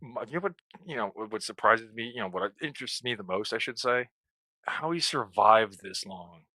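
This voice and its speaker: Bright-toned sardonic man co-hosting. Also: fairly low pitch, animated, normal speed, no echo. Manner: sardonic, profane, wry asides. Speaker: co-host. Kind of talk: casual reaction chat.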